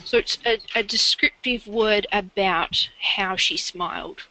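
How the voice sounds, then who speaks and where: A woman's voice: medium pitch, unhurried, bright, forceful tone, no room sound, rough recording. A woman tutoring a learner in literacy, explaining grammar step by step and encouraging them. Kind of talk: one-on-one literacy lesson.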